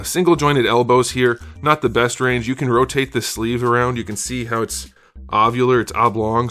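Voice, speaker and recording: His illness leaves this toy reviewer a bit out of breath as he chats through an action figure, rambling with hedges and fillers. The voice is fairly low and a bit bright.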